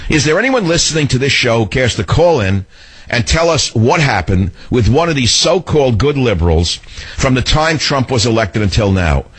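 A man's voice: medium pitch, very animated, normal speed, husky. A man hosting a talk radio show from a studio, telling a story in a combative, indignant way with mocking asides.

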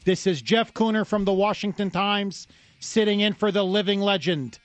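A man's voice: high-pitched, normal speed, dry recording. A man hosting a talk radio show, delivering an emphatic, combative monologue with lots of repetition. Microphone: studio microphone.

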